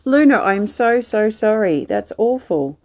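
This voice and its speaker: A woman hosting a live healing stream, reading out viewers' comments and answering them in a gentle, soothing, reassuring way. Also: medium pitch, very animated, a little slow. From Australia.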